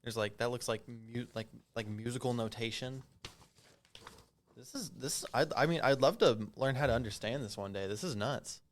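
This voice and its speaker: Young man, mid pitch, eager, casual co-host chat. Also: moderate pace. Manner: eager, excitable reactions. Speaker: podcast co-host.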